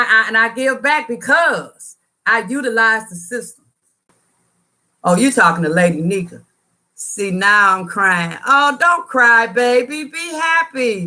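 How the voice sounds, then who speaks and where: A woman chatting live with her viewers in a casual, slangy way. Her voice is bright and forceful, and she talks with earnest, preachy conviction, hammering points home by saying them again. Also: on the high side. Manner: earnest and preachy, repeats phrases for emphasis; colloquial, slangy talk. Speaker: livestream host answering viewers. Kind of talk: casual live chat, motivational testimony.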